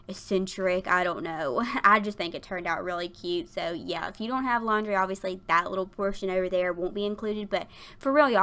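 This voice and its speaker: A woman's voice: fairly low pitch, a bit bright. A young woman talking over her build in a chatty, rambling way with lots of fillers and giggles, a little out of breath. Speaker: Sims builder YouTuber. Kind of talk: casual voiceover chat. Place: at her desk at work.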